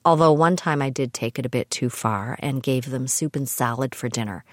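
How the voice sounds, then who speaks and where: A woman's voice: a bass voice, moderate pace, no room sound. A middle-aged woman from Canada telling personal stories on her podcast with dry, wry humor. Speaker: podcast host. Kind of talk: scripted personal storytelling.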